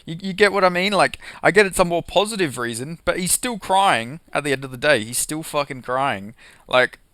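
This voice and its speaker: A man's voice: a little high, lively intonation, normal speed, sharp tone, no room sound. A young man doing a casual, profanity-heavy rant about MMA, heated and sarcastic, with lots of "like" and "you know". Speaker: MMA commentary vlogger.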